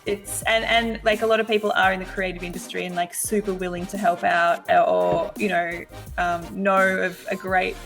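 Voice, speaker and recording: A woman with an Australian accent, a music photographer speaking as a guest, easygoing and quick with lots of filler words. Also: medium pitch, flat delivery, fairly bright tone. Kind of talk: casual interview chat.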